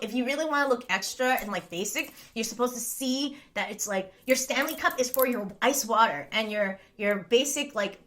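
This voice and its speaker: Bright, giggly Californian woman streamer. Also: on the high side. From Los Angeles, California. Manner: giggly, rambling, self-mocking, frequent fillers. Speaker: livestream host. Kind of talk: casual chat reading live comments.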